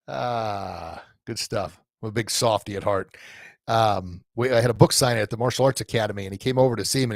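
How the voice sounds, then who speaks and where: A middle-aged podcast host and coach runs a live stream, talking loosely to listeners with plenty of fillers, restarts and heartfelt asides. His voice is medium-pitched, picked up by a camera mic in front of him, with no echo.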